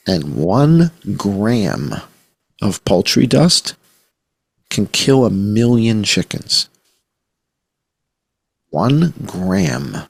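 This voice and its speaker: A man, a journalist guest on a podcast, talking in an animated, conspiratorial storytelling way and swearing casually. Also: fairly low pitch, creaky, husky. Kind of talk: podcast conversation.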